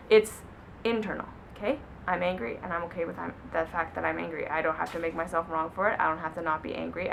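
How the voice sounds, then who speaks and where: A woman vlogger talking to camera in a casual, earnest coaching tone, repeating gentle affirmations. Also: mid-range voice, gravelly, a little hiss or hum, low-quality recording. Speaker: self-help vlogger.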